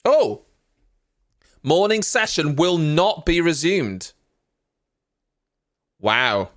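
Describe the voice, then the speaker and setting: A man's voice: a little high, very animated, drawn-out words, a bit bright. A man giving casual live reaction commentary as a streamer, rambling and chatty, with frequent fillers and asides.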